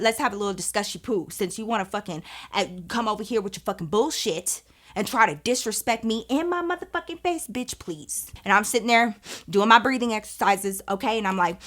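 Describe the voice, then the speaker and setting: A woman vlogger telling a dramatic personal story in casual, profane, animated speech. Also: mid-range voice, moderate pace. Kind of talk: storytime vlog, casual chat.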